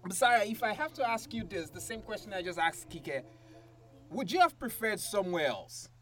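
A man's voice: sits high, lively intonation, moderate pace, fairly bright tone. A man hosting a casual group chat, asking questions and laughing often. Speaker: podcast host.

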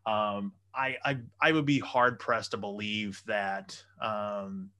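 A man with a bright, forceful voice in casual chat, telling long rambling stories and swearing freely. He is trying to buy a comedy club, and his delivery is loose and conversational. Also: fairly low pitch, steady tone, slow pace. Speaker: would-be comedy club owner.

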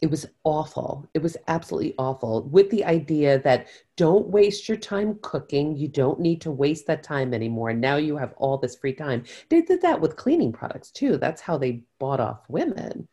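A middle-aged woman from upstate New York, chatting casually as a podcast co-host, emphatic and opinionated with sudden loud stresses and low asides. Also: big pitch swings, moderate pace, hardly any pauses, slightly rough. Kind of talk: casual chat.

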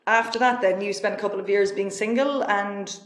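A woman's voice: medium pitch, steady tone, a little fast, roomy sound. A woman hosting a podcast, asking questions and teasing her guests in casual chat. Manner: teasing, reactive interviewer. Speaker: podcast host.

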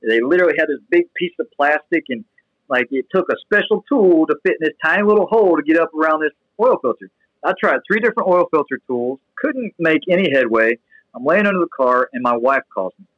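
Animated rambling man telling a story. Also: fairly high pitch, fairly quick, no room sound, dull audio. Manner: animated, rambling with restarts and fillers. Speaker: guest sharing testimony. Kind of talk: casual storytelling.

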